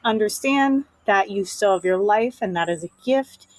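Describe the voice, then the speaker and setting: A woman's voice: mid-range voice, normal speed, no echo, natural voice. A woman voicing an older male friar, casually paraphrasing his advice in her own voice. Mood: earnest.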